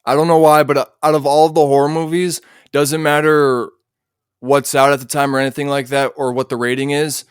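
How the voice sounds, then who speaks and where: A man's voice: a little high, little pitch movement, a little fast, clean tone, no room sound, clean studio sound. A young man in his twenties, a podcast guest, talking earnestly and easily in casual chat.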